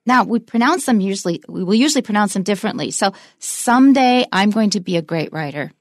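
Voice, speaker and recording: A woman teaching English pronunciation, saying example sentences slowly and with emphasis. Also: medium pitch, expressive, no echo, clean studio sound. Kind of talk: bilingual English lesson.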